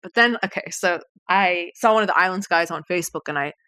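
A woman's voice: lowish voice, fast talker, sharp tone, smooth, no echo. A woman in her thirties, a podcast guest, telling a story in casual, chatty talk full of swearing and "like". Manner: chatty, profane, many likes.

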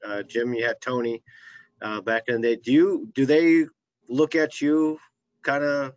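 A man's voice: medium pitch, level tone, unhurried. A man co-hosting an interview, asking questions in a casual, chatty way. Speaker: interview co-host. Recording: dull lo-fi sound.

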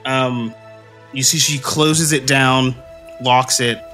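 A man narrating a tabletop game as game master, relaxed and full of ums and uhs. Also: medium pitch, slow, faint music behind.

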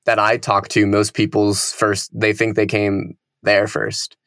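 Low-voiced man in dry casual chat. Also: completely flat delivery, a little slow, fairly bright tone, no echo. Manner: rambling, full of "like" fillers.

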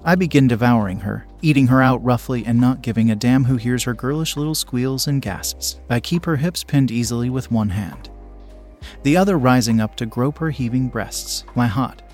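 A young man narrating an adult story in first person, reading in a low, steady, unhurried way.

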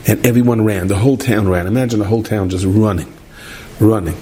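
A man telling a story in an animated way, repeating phrases for effect. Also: lowish voice, fast, slight background noise. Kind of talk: spoken storytelling.

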